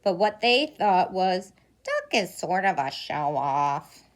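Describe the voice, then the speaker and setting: A preschool teacher reading a picture book aloud to young children, pausing for gasps and questions along the way. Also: female voice, on the low side. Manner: animated storytelling with gasps and questions.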